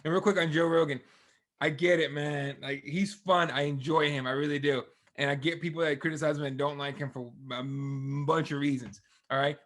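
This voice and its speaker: Animated, foul-mouthed podcast host, higher voice. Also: male voice. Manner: profane, animated ranting. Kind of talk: casual chat.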